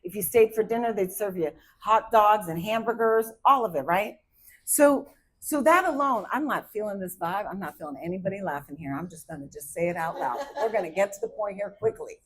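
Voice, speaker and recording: A woman in her fifties from Arizona performing a stand-up comedy set, hyper and animated as she tells stories. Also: medium pitch, a little fast, low-quality recording. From Arizona, USA. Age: 50s.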